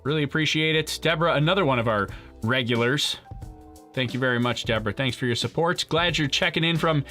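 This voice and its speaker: A man's voice: mid-range voice, fairly quick, pushed and bright, soft background music. A man hosting a live stream, chatting casually with viewers, joking and laughing often. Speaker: livestream host.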